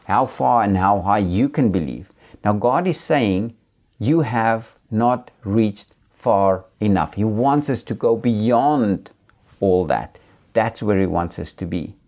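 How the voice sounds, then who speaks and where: A man from Africa preaching a sermon and telling his own testimony in an earnest, unhurried way, often repeating words as he speaks. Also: fairly low pitch, animated, a little mellow.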